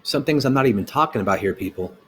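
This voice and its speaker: A man's voice: mid-range voice, lively intonation, fast talker, a bit bright, husky. A middle-aged man who owns a small business, delivering a blunt, heated opinion rant with rhetorical questions.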